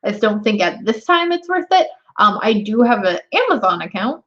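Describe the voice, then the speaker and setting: A young woman chatting with her live stream viewers, her pitch swinging up and down a lot. She laughs often and talks straight to her chat. The audio is dull and lo-fi. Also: very animated, moderate pace, a bit bright.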